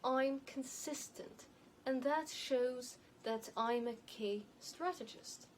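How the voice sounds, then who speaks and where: Woman, light non-native accent, higher voice, measured and emphatic style advice, faint hiss. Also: low-quality recording. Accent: light non-native, elocution-trained. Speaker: image and style consultant. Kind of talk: advice monologue to camera.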